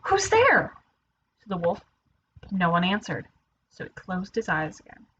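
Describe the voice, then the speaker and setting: A woman teacher reading a children's picture book aloud, playful and expressive. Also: on the low side, normal speed, highs cut off, a little hiss or hum.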